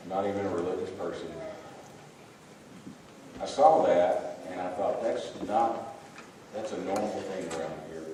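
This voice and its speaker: Man, very deep voice, pastor, sermon, far-off mic, echoing church, background noise. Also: unhurried, long pauses. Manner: reflective, urging the congregation. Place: church sanctuary. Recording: echoey church from a distant mic.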